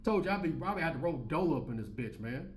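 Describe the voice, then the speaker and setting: A man in his forties hosting his own channel, ranting in loud, profane, repetitive slang. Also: a little high, lively intonation, fast, echoey room, a little hiss or hum. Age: 40s. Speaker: commentary channel host. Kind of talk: ranting commentary.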